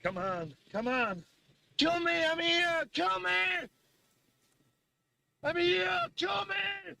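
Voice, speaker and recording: An actor playing a battered man in a film action scene, yelling defiant taunts at his hunter with a gravelly voice. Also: very high-pitched, drawn-out words, no room sound, heavily acted.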